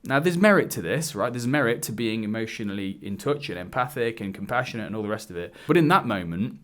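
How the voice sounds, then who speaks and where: Male dating coach, lower pitch, casual to-camera storytelling, acts out the dialogue. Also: lively intonation, fast talker. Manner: candid, swearing, acts out quoted dialogue. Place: indoors, wearing a hood. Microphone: camera mic.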